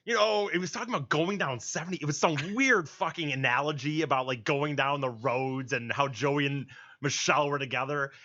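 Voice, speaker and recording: Rambling co-host: man with a bright voice, muffled recording. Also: a little high. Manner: rambling, halting, swearing, calls people dude. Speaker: podcast co-host. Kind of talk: casual podcast chat.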